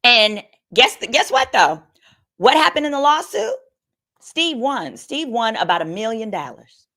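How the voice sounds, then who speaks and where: A woman's voice: fairly high pitch, very animated, unhurried, pushed and bright. A woman attorney hosting a casual livestream of legal commentary, talking candidly and reading viewer comments aloud. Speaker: attorney and host.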